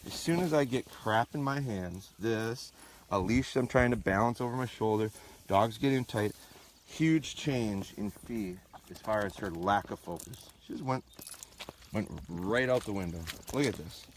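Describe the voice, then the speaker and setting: A man with a fairly low voice chats casually and unhurriedly with viewers during a live outdoor training stream, working his dogs on a farm and pausing for short, firm heel and sit commands. He's a dog trainer, and his phone or tripod-mounted camera catches a lot of outdoor noise.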